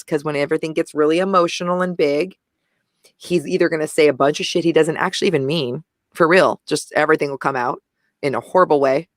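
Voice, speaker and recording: A woman's voice: low-pitched, no echo, studio quality. A woman co-hosting a casual discussion, talking intensely and animatedly and often restarting her sentences. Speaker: podcast co-host.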